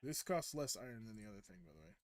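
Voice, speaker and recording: A man's voice: medium pitch, animated, rapid-fire, creaky. A young man casually commenting while he plays a game, rambling and often correcting himself mid-sentence. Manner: rambling, hesitant, self-correcting. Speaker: streamer.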